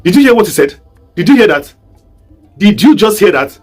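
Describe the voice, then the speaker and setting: Emphatic Nigerian man, lively high voice. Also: a little fast, breathy edge, faint music behind. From southeast Nigeria. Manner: rhetorical, emphatic, asks repeated questions. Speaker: online commentator. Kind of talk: commentary video.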